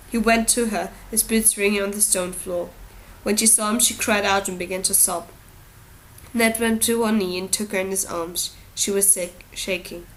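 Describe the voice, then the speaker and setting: A woman's voice: medium pitch, slight background noise, poor audio. Woman reading an audiobook. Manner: steady, even storytelling. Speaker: audiobook reader. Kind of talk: audiobook narration.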